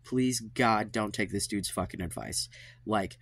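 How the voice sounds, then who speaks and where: A man's voice: on the low side, a little slow, a bit bright, slightly rough, dry recording. A man hosting his own channel, venting in an exasperated, profane monologue, sighing and trailing off, fed up and worn out. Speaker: channel host giving dating advice. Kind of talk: frustrated monologue to camera.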